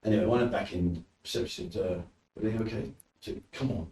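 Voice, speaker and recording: A UK man with a lowish voice speaks a little fast, telling animated anecdotes as a podcast guest and performing the quotes. His British accent comes through a roomy recording made far from the mic, with faint noise.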